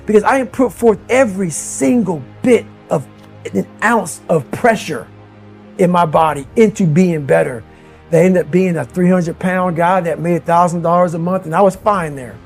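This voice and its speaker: A man's voice: high-pitched, normal speed, a little mellow, breathy edge. A middle-aged man from the United States giving blunt, profane motivational talk and calling listeners "man" and "bro". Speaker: motivational speaker. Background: faint music.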